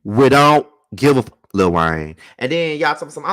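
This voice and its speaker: A man's voice: mid-range voice, sing-song, normal speed, hardly any pauses, a bit bright. A man hosting his own vlog, ranting heatedly with plenty of profanity and repetition, speaking from home. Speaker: vlogger host. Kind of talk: casual ranting vlog commentary.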